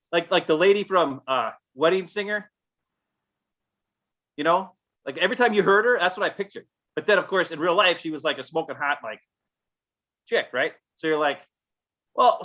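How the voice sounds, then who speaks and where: Chatty blunt guy on a live podcast, bright tense voice, goes off on tangents. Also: high-pitched. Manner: blunt, rambling storyteller. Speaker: co-host. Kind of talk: casual live podcast chat.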